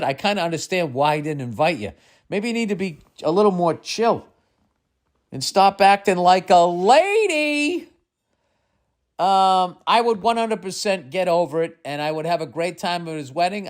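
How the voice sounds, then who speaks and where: A man hosting a comedy advice podcast, ranting with lots of swearing and exasperated outbursts that drop into mutters. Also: on the high side. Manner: swearing, exasperated, swings between loud and muttering. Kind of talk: profane comedic rant.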